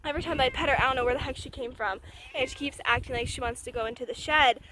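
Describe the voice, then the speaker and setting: A woman vlogging outdoors by a barn on a phone camera, cooing in a high baby-talk voice now and then. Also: fast, pushed and bright, a little hiss or hum. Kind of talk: casual vlog.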